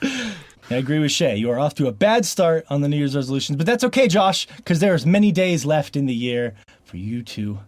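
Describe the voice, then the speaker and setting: A man's voice: on the high side, very animated, a little fast, a little mellow, no echo. A man from Montana hosting a casual podcast, joking and laughing often between frequent ums. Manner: jokey, laughs often, fillers like um. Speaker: podcast host.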